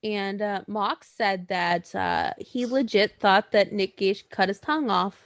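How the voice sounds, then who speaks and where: A woman's voice: mid-range voice, unhurried, gravelly, dry recording, clean studio sound. A woman co-hosting a podcast in casual, rambling chat, laughing often. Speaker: podcast co-host.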